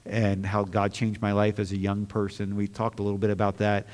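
A man's voice: fairly low pitch, monotone, fairly quick, darkish tone. A man preaching a sermon in an earnest way that rises into impassioned bursts. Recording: long hall reverb.

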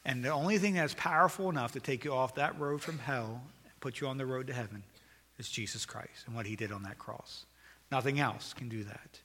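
Bright-voiced preaching man in a reverberant hall. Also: mid-range voice, fairly quick. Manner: preaching, swings from loud urgent calls to quiet earnest appeal. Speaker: pastor. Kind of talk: sermon.

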